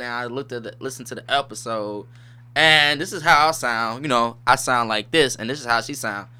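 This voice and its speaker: Bright-voiced laid-back man hosting a podcast. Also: mid-range voice, moderate pace, clean tone. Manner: laid-back slangy rambling, laughs often. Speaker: podcast host. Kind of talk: casual solo podcast chat.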